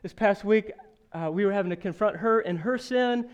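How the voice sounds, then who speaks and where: A man in his thirties delivers a sermon in a high, smooth, clear voice. He tells stories with self-deprecating humor. Then he builds to emphatic rhetorical questions and drops to a soft, earnest hush. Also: normal speed. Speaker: pastor.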